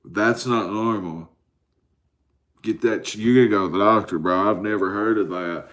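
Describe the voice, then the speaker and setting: Answering viewers on a late-night livestream, a drowsy man in his forties rambles and swears, tired from a caffeine crash. His lowish voice is a bit bright, and his pace is moderate.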